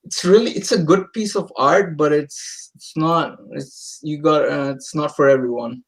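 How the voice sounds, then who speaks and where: A man in a casual movie chat, hesitant and soft-spoken. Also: on the high side, measured pace. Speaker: podcast guest.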